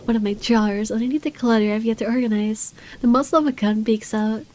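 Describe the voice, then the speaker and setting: A woman's voice: a little high, steady tone, fast talker, darkish tone, natural voice. A woman reading a visual novel aloud as an irritable wealthy man with guards, in dry, sardonic first-person narration. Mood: irritated.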